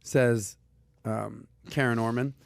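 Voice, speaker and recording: A man hosting a casual personal finance podcast, talking with punchy emphasis and lively asides. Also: mid-range voice, takes it slowly, gravelly, no room sound, studio quality. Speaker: podcast host.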